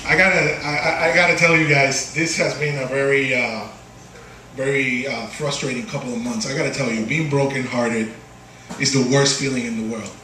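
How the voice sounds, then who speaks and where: A man doing a stand-up set on a small bar stage, halting with lots of uh and restarts, and jumping high when quoting voices. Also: fairly even intonation, sharp tone, far from the mic, slight background noise. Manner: halting delivery full of uh and restarts, jumps high for quoted voices. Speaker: stand-up comedian. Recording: echoey bar room recorded from afar. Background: bar crowd ambience and laughter.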